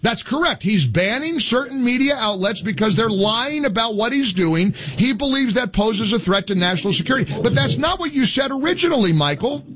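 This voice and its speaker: A man hosting a call-in radio show, his voice high and husky. He argues in a sarcastic, mocking tone and needles the caller at every turn. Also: lively intonation, brisk, hardly any pauses, a bit bright. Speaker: talk radio host. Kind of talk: combative call-in radio talk.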